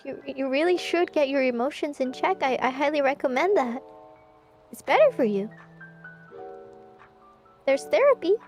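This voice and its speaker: A woman guest streamer with a high voice, teasing her co-host and giggling as they play. Soft music sits faintly behind her. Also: expressive, moderate pace, pauses often. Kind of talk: casual gaming chat.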